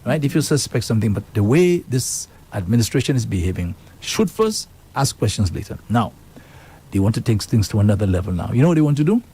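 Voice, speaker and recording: A man's voice: fairly low pitch, sing-song, a little fast, dark tone, breathy edge. A man hosting a talk radio show, speaking, emphatic and indignant as he reads out and comments on news.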